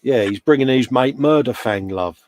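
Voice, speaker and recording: A man's voice: mid-range voice, moderate pace, darkish tone, a little hiss or hum. A middle-aged English man co-hosting a casual live chat, jokey and full of friendly slang, calling everyone mate. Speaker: co-host.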